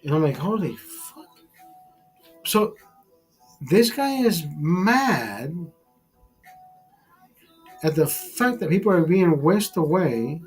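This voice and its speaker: A man's voice: a little high, sing-song, slow, long pauses, slightly rough, faint music behind, poor audio. A man hosting a casual drinking livestream, tipsy, talking in a rambling, profane way and restarting his words. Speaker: livestream host.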